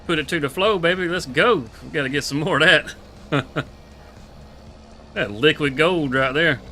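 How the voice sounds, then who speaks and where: A man's voice: fairly high pitch, moderate pace, pushed and bright, faint music behind. Laid-back laughing man. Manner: laid-back, laughing, drawling country talk. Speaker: streamer. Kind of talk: casual live gameplay chat.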